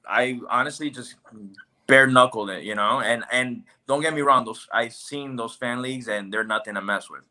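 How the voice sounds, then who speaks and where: A man's voice: medium pitch, normal speed. A man chatting as a podcast guest, telling a story with lots of acted-out quotes. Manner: animated storyteller, acts out quotes. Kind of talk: casual podcast chat.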